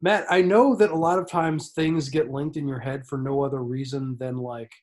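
A man's voice: mid-range voice, fairly even intonation, normal speed, a little mellow. Dry, teasing man co-host. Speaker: podcast co-host. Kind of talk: casual chat.

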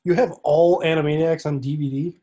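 A man's voice: fairly high pitch, steady tone, a little fast, dark tone, husky. A man co-hosting a podcast in casual chat, dropping dry, wry remarks. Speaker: podcast co-host.

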